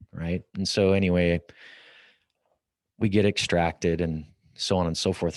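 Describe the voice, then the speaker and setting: On a dry recording from an office at company headquarters, a middle-aged man with a low-pitched voice appears as a podcast guest. He tells a story vividly, acting out the lines people said.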